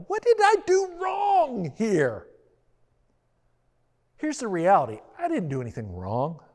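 A pastor with a fairly high, darkish voice tells a self-deprecating personal story in a storytelling sermon style. The long reverb of a large hall surrounds his voice.

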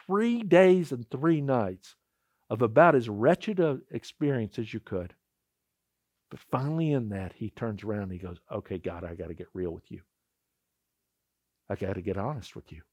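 Pastor preaching with dramatic swings in volume. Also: male voice, mid-range voice, no room sound. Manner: swings from hushed to loud, dramatic storytelling. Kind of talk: sermon.

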